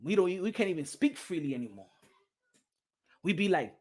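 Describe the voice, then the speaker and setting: Animated, laughing man ranting on boxing. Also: on the high side, normal speed, husky. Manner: animated, laughs often, slangy, drops Spanish phrases. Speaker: boxing channel host. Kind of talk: casual rambling commentary.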